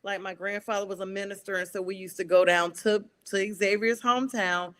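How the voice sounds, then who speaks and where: A woman from North Carolina with a Southern accent, hosting a casual sports talk show, chatty and quick to laugh. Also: medium pitch, clean tone. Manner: chatty, laughs often, animated asides.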